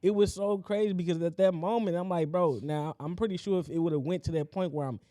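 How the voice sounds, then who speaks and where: A man's voice: high voice, a little fast, warm tone, no room sound, clean studio sound. A man co-hosting a podcast, telling a childhood story in casual chat and acting out the quotes. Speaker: podcast co-host.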